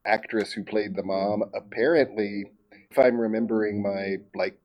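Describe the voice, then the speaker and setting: Deadpan lower-voiced male podcaster. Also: normal speed. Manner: wry, deadpan jokes. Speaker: podcast co-host. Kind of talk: casual chat.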